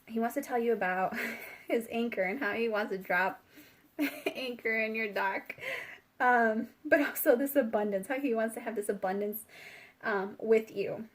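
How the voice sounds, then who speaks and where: Woman tarot reader, young adult, fairly high voice, loose rambling delivery with frequent giggles. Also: normal speed. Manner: rambling, giggly, chatty with many fillers. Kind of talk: casual spiritual tarot reading.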